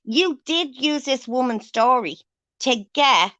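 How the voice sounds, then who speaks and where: A high-voiced woman tears into someone on her livestream, cursing constantly and hammering her points home. Her voice is bright and sharp. The sound is close and dry, with no room around it. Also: lively intonation, slow pace, no room sound. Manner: angry, swears heavily, confrontational. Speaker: livestream host. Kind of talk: angry livestream rant.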